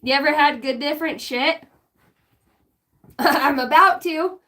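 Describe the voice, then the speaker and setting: Bright, high-pitched, goofy woman. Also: slow. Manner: goofy, laughing, self-mocking, swears freely. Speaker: livestream host offering spiritual readings. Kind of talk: casual live-stream chat.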